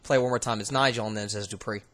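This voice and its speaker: A man hosting as a paranormal investigator, casually talking through recordings in a relaxed, halting way, thinking aloud with fillers. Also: fairly low pitch, noisy background. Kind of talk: casual commentary reviewing recordings.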